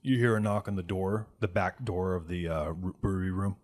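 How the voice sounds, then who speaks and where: A man's voice: low voice, brisk, darkish tone. A man running a tabletop game as game master, narrating in a loose, conversational way.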